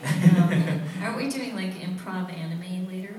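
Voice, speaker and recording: A woman's voice: fairly low pitch, measured pace. A woman, a voice actress on a convention panel, talking in a playful, giggly way, recorded from afar in a large hall. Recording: echoey hall from far off, crowd noise.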